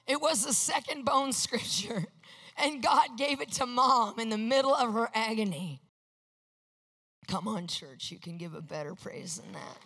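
A woman preaching a testimony sermon, emphatic, moving from hushed to loud. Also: on the high side, animated, a little slow, big-room sound.

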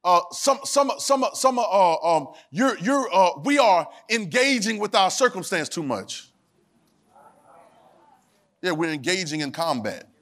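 Preacher guy with a high voice, call and response, yells and half-sings the big lines. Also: very animated, unhurried. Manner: Southern Black church vernacular, drops verbs. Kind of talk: sermon. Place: church sanctuary.

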